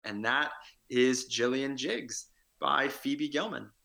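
A man's voice: medium pitch, animated, slow pace, gravelly, pushed and bright. A man who teaches kindergarten, chatting on a book podcast with a wry, self-deprecating manner. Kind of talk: casual book discussion.

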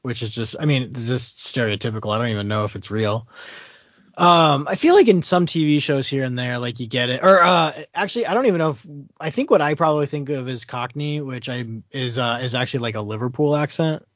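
A man's voice: medium pitch, a little fast, a bit bright, no echo. A man from the American Midwest with a Midwestern accent, chatting casually and hesitantly, with many fillers and restarts. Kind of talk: casual movie chat. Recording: dry, dull lo-fi sound.

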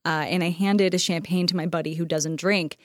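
An American woman co-hosting a casual podcast chat, animated and quick to act out quoted dialogue in different voices, laughing often. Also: lowish voice, no echo, studio quality. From United States. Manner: laughs often, filler-heavy. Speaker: podcast co-host.

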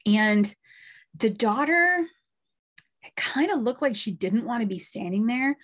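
A woman's voice: fairly high pitch, animated, slow pace, fairly bright tone. Chatty woman medium telling a story. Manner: chatty, with frequent asides and small laughs. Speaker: medium and podcast host. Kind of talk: storytelling monologue.

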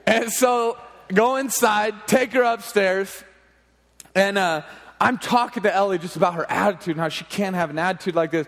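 A man in his thirties, a junior high pastor, telling a funny family story in an animated, laughing way. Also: moderate pace, vocal fry, long pauses. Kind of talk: storytelling sermon. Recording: long hall reverb.

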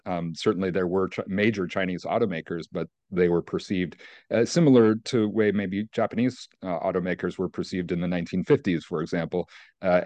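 A man answering as an energy research guest, measured and careful, qualifying his points with frequent hesitations. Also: low-pitched, darkish tone, dry recording. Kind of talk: expert interview answers.

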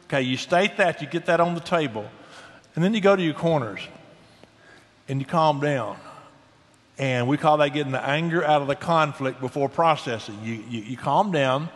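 With a slightly high, somewhat bright voice at normal speed, a middle-aged marriage guest speaker chats on a casual Christian talk show. He's earnest and folksy, frequently restarting, and the audio has long hall reverb.

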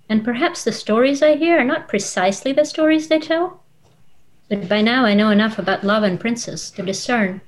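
A woman's voice: medium pitch, low-quality recording. Thoughtful woman author. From Russia. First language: Russian. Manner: thoughtful, measured, with frequent "uh" and "um". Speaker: author and guest. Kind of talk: conversational interview and reading aloud from her novel.

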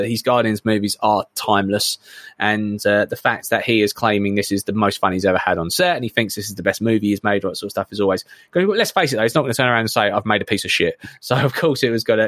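A man co-hosting a casual film podcast, excited and sweary, rambling between points. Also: on the low side, fast, no echo, clean studio sound. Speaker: podcast co-host.

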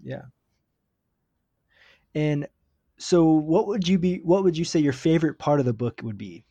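A man's voice: on the high side, measured pace, dark tone, no room sound, highs cut off. Casual male interviewer, dry sound. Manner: casual, uses fillers like "you know" and "like".

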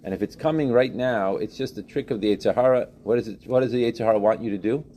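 A man teaching a religious text class, animated, questioning students and repeating phrases as he explains. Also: medium pitch, quick pace, a little hiss or hum. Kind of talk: interactive class lecture.

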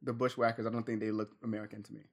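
Here the co-host's voice is lowish with little pitch movement, and he talks very fast. Laughing often, he meanders through the wrestling recap on this casual podcast and lets sentences trail off.

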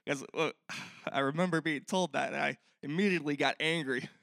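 A man's voice: fairly high pitch, fairly quick, vocal fry, fairly bright tone, no room sound, clean studio sound. A young man preaching a sermon in a church, earnest and conversational, often asking the listeners questions. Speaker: pastor.

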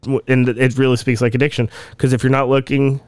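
A man's voice: medium pitch, level tone, fairly quick, clean tone, dry recording. A man in a casual podcast conversation, speaking earnestly and reflectively, philosophizing with the odd curse.

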